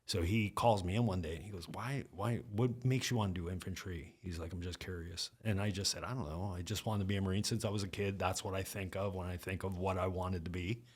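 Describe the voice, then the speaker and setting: A middle-aged man with a low, deep voice tells stories in a relaxed podcast chat. He talks casually and slips into the voices of the people he is quoting. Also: fast talker, few pauses, husky. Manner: animated storyteller acting out quotes. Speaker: podcast guest. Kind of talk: casual storytelling.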